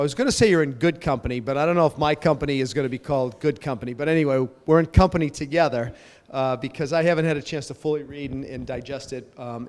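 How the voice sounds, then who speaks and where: A man's voice: mid-range voice, a little mellow. Man, parish pastor, casual rambling welcome, fillers, jokes at himself, long hall reverb. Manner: chatty, rambling, self-joking, with frequent fillers. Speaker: parish pastor hosting a panel. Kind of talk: welcoming remarks to a parish gathering.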